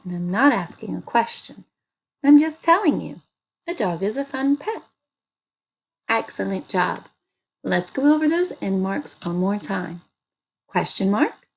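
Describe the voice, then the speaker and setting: A woman teaching an early reading lesson, speaking slowly and sounding out words for young children. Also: mid-range voice, darkish tone, slightly rough.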